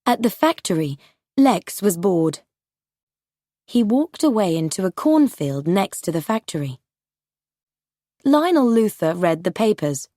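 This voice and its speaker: Woman narrator, graded-reader story, slow, clear, lively pitch, dry close sound. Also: dry recording.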